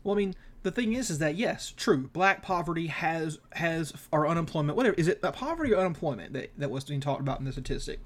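Male podcast co-host, slightly high voice, heated and profane, casual political talk. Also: animated, fast talker, few pauses.

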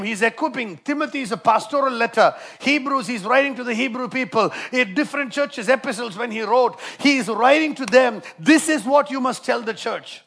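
High, gravelly-voiced male preacher. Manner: impassioned preaching, swinging between loud emphasis and hushed storytelling. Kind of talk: sermon.

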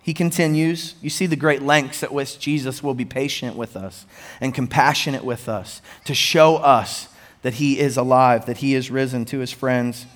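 A man preaching a sermon as pastor, animated with rising emphasis and conversational asides to the congregation. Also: mid-range voice, normal speed.

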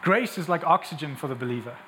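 A young male pastor preaches in a high, bright-edged voice. He moves between relaxed, chatty asides and emphatic, rising calls to the congregation. His voice rings out with a long hall reverb over a faint background hiss. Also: fast. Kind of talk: sermon.

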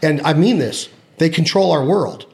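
Male podcast host, a bit high-voiced, emphatic and salty, casual hunting talk. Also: lively intonation, normal speed, creaky, darkish tone. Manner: emphatic, swears freely, ribbing.

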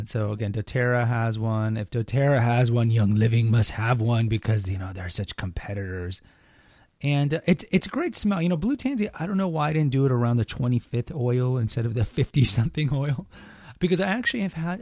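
A man's voice: medium pitch, darkish tone, no echo, clean studio sound. A man hosting a solo podcast, talking casually with rambling asides and self-corrections. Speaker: podcast host.

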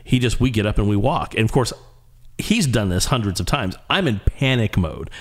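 A man with a fairly low voice recounts a story in a loose, casual way. He talks with lots of energy, often stumbling over words and starting his sentences again. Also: normal speed. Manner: animated, with frequent restarts and repeated words. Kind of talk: casual anecdote telling.

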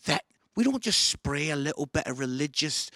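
A man preaching a sermon to an online audience, enthusiastic, shifting from excited outbursts to soft pleading. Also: fairly high pitch, normal speed, no room sound, studio quality. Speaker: pastor.

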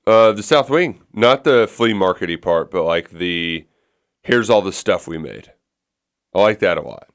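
A man's voice: low-pitched, lively intonation, a little slow. A man co-hosting a morning sports radio show, chatting casually and stumbling through his thoughts. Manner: chatty, self-deprecating, restarts a lot.

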